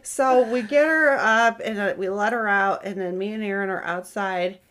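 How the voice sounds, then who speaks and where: This woman co-host speaks at medium pitch and a normal pace. Chatting casually on the podcast, she relates a story with lively energy and performs the quoted dialogue.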